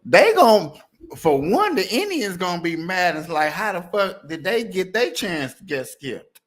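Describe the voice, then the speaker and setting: Host: man, animated joking riffs, voice swings widely in pitch. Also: measured pace. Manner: animated, joking, laughing often. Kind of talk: casual comedic commentary.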